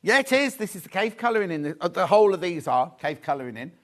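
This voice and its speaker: A middle-aged man hosting a live fabric sales show, chatting excitedly and teasing the crew. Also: high voice, quick pace. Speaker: shopping show host.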